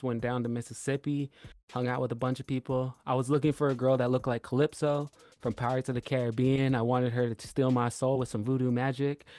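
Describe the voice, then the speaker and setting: A man's voice: mid-range voice, no room sound. Laid-back storytelling podcast guy, dry sound. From US West Coast. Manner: animated storyteller, swears, lots of "like" and "bro". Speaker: podcast co-host. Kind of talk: casual chat.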